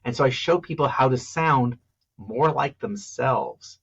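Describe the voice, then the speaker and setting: A man of middle pitch with a husky, slightly rough voice, talking as a public speaking coach in a podcast interview. He explains with animation and keeps acting out example phrases to show where the stress falls. The audio sounds dull and lo-fi. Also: unhurried, fairly bright tone.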